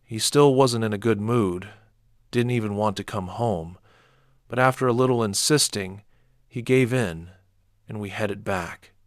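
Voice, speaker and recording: A man reading a first-person horror story as scripted narration, measured and low-key, with sharp outbursts when quoting. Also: dry recording, clean studio sound.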